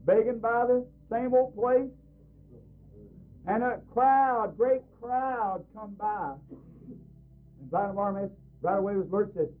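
A man preaching a storytelling sermon, fervent and sometimes rising to shouts. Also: very high voice. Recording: tinny phone-like old tape.

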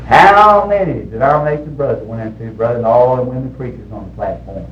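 A man preaching a sermon in a folksy storytelling way, with sudden shouted bursts when he quotes people. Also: mid-range voice, brisk. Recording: roomy, distant, dull old recording with faint hiss.

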